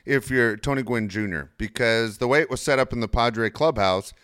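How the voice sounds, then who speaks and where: A man with a mid-range, fairly bright, clear and resonant voice speaks at a moderate pace in a dry, clean studio recording. He co-hosts a sports radio show, agreeing with his partner and telling casual stories with some swearing.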